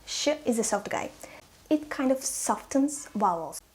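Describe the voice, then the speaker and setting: A woman's voice: on the high side, animated, darkish tone. Cheerful Russian-accented woman teacher. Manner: playful, encouraging, slow careful pronunciation. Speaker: language teacher. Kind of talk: language lesson to camera.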